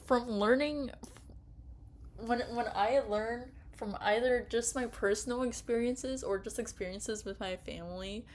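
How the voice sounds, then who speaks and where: A woman playing a story game who reads its text softly and breaks into laughing rants at the characters. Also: mid-range voice, a little hiss or hum. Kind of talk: casual gameplay commentary and reading.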